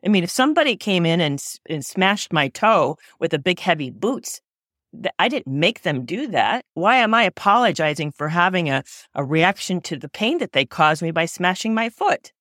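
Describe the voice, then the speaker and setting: A woman's voice: fairly low pitch, big pitch swings, normal speed, fairly bright tone, no echo, clean studio sound. A woman in a reflective conversation, talking in an earnest, searching way and often correcting herself mid-sentence.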